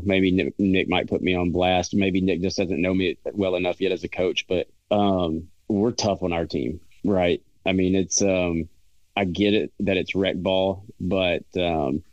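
A man with a very low voice talks in a loose, rambling way on a podcast, filling gaps with ums. The sound is dull and lo-fi, with no room around it. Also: dry recording. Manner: rambling, earnest, frequent fillers. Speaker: podcast co-host and youth baseball coach. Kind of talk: casual podcast chat.

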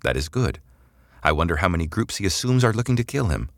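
A man's voice: sits low, very animated, fast, no echo. A man voicing a detached artificial-intelligence drone that makes dry, wry asides. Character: detached AI drone companion, male.

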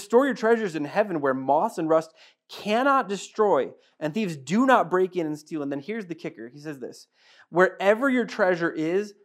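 High-voiced man preaching with emphatic repetition. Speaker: pastor. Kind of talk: sermon.

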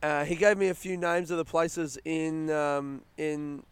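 A young Australian man hosting a casual solo podcast outdoors, rambling through stories in a chatty, rushed way. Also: a little high, fairly even intonation, smooth, no room sound. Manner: rambling, chatty, retelling stories with quoted voices. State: yawning, a bit rushed. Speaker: podcast host. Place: outdoors in a smoking area by a housing estate.

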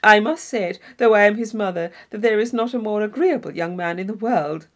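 A woman's voice: medium pitch, brisk, lightly acted. A woman reading an audiobook, voicing a proud, doting middle-aged mother with a complacent, boastful manner.

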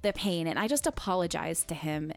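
Give me a woman with a low voice chatting on a podcast, laughing and acting out what people said. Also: fairly quick, soft background music. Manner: animated storyteller, acts out quoted voices, laughs often. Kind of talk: casual chat, storytelling.

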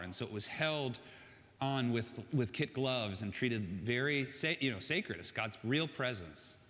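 Man preaching, relaxed storytelling tone, bright and a bit high, with long reverb from a large church hall. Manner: casual, conversational storytelling with asides. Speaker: pastor. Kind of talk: sermon.

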